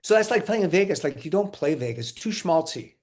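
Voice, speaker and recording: Man telling lively stories, slightly high. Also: fairly quick. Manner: animated storyteller, acts out quotes, laughs often. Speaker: interview guest, musician. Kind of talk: casual anecdotal interview.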